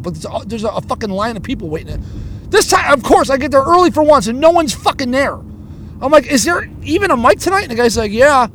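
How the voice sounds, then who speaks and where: A man with a strikingly high voice tells a story as an angry, foul-mouthed rant, tripping over his words and stuttering as he works himself up. He talks from inside a vehicle, with a faint hum of road noise behind him. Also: fairly bright tone. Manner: angry, profanity-laden, stammering. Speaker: stand-up comedian.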